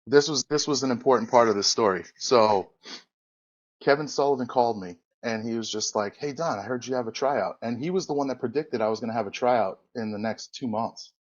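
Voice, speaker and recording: A former wrestler appearing on a podcast casually spins a long, rambling anecdote, correcting himself along the way and doing the voices of people he quotes. His mid-range voice moves briskly, and the recording sounds muffled.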